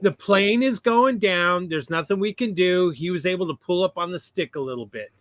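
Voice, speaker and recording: A man's voice: high voice, moderate pace, a bit bright, dry recording. A man in a casual podcast discussion who cuts in and presses his point with emphasis. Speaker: podcast panelist.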